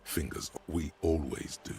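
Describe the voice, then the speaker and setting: A deep, gravelly narrator for a video game, grave and terse as he sets each scene. His voice sits extremely low with a rough, fry-laden edge. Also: crowd noise, heavily acted. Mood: ominous. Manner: slow, grave, scene-setting.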